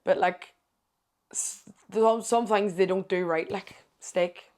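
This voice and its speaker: A young woman with a Northern Irish accent, a podcast guest telling animated stories in casual chat, full of "aye" and "like.". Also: mid-range voice, takes it slowly. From Northern Ireland. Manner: animated storyteller, swears to God, says aye and like a lot. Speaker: podcast guest, content creator.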